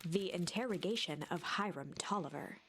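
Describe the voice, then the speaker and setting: Calm storybook narrator, a woman. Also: fairly low pitch, a crowd in the background, natural voice. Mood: hushed storytelling. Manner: calm and measured, drops to a whisper in tense moments. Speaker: game narrator. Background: loud game music.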